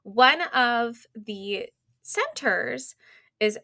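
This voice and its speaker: Bright, animated woman explaining as a coach. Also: a little high, drawn-out words, dry recording, clean studio sound. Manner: animated, quotes imagined inner voices, many "like" fillers. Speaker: business coach guest. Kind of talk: casual explanatory interview talk.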